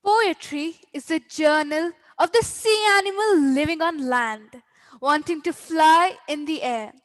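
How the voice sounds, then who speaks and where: A woman hosting a school poetry event, announcing and reciting quotes in a measured way. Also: high-pitched, fairly bright tone. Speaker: host. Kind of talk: formal announcing and quoting.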